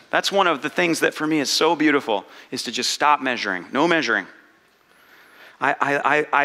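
A man leads a congregation through a casual, animated sermon, poking fun at himself and voicing his inner dialogue aloud. His voice sits a little high and rings bright and forceful. Long reverb from a large church hall trails each phrase. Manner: animated, self-mocking asides, acts out inner dialogue. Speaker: pastor. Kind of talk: conversational sermon.

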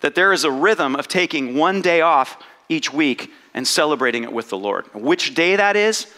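A man preaching a conversational sermon as pastor, animated, with self-mocking asides and playful back-and-forth with his own thoughts. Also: fairly high pitch, normal speed. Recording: long hall reverb.

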